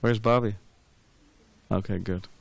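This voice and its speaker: Low-voiced man giving a scripture class. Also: fairly even intonation, measured pace, creaky. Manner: rambling, repeats words, many fillers. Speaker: class speaker.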